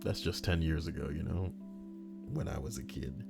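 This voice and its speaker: This reddit story reader has a very deep, creaky voice and keeps a moderate pace. He reads internet stories out loud, ranting with profane, casual remarks and cracking himself up at his own jokes, over faint background music.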